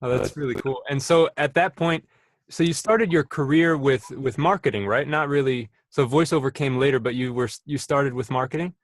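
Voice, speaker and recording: Male interview host on a video call, chatty, quick to affirm; dry, close sound. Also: mid-range voice, no echo. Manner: friendly, frequent short affirmations and laughs. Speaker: podcast host. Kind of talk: casual interview.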